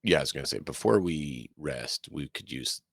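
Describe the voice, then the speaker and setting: An adult dad streams a video game, chatting casually and rambling through his thoughts and frustrations as he plays. His gravelly voice is extremely low, with lively intonation at a moderate pace, and crowd noise sits in the background.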